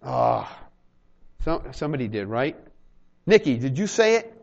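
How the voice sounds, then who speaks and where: A man's voice: mid-range voice, measured pace, vocal fry, lo-fi sound. A man preaching a sermon to a small congregation, acting out little dialogues and joking with the room. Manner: animated, acts out little dialogues, jokes with the congregation. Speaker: pastor.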